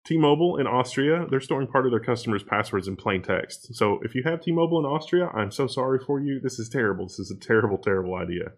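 A man co-hosting a podcast, reading out tech news in a casual, animated and exasperated way. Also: mid-range voice, fast talker, hardly any pauses. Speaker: podcast co-host.

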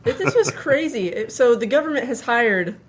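A woman's voice: on the high side, lively intonation, moderate pace, a little hiss or hum. Chatty woman saying "like" a lot. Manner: chatty, filler-heavy with "like". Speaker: podcast co-host. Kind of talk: casual chat.

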